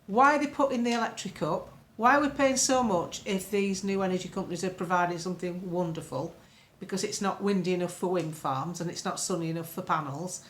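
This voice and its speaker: A woman's voice: on the low side, a little fast, a little hiss or hum. An older woman from the UK giving a casual, rambling political monologue to her followers, laughing often between points. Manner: chatty, laughing, rambling asides. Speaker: political commentator. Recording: echoey room.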